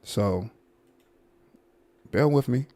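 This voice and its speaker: A man hosting a casual livestream commentary, talking to his viewers in a drawn-out, repetitive, emphatic way. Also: medium pitch, mellow.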